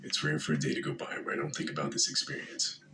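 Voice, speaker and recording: A man narrating a first-person horror story in a steady, measured way. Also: rumbling low, noisy background. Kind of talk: scripted narration.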